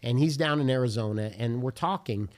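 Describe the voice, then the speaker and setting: A man's voice: mid-range voice, brisk. A man who is a pastor, talking casually and earnestly, retelling a personal story vividly and acting out bits of dialogue. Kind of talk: casual podcast chat, storytelling.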